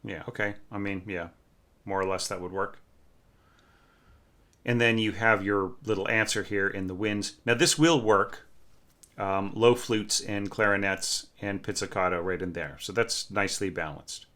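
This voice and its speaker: An orchestration teacher reviews scores, critiquing them casually as he thinks aloud with many fillers and often hums the parts he's reading. His voice is lowish, at normal speed, and sounds pushed and bright.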